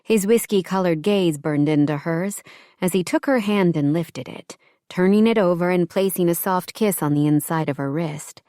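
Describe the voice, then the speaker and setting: A woman reading an audiobook romance in calm, even scripted narration. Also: on the low side, normal speed, no echo, studio quality.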